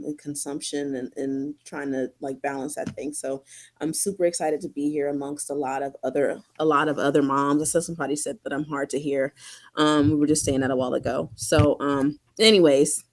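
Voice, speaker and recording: A woman with a notably low voice introduces herself on a video call panel. She sounds relaxed and talkative, chatting loosely between fillers. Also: moderate pace. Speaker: panelist, business founder.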